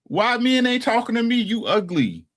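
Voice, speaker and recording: A man's voice: extremely high pitch, sing-song, moderate pace, heavy background noise. A man in his sixties, co-hosting a casual talk show, speaks bluntly and with a lot of profanity, often tagging his points with "right?". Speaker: podcast co-host.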